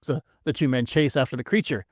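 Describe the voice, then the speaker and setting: A man co-hosting a podcast in relaxed, rambling chat, laughing often. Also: medium pitch, fast talker, dry recording, clean studio sound. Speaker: podcast co-host. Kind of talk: casual chat.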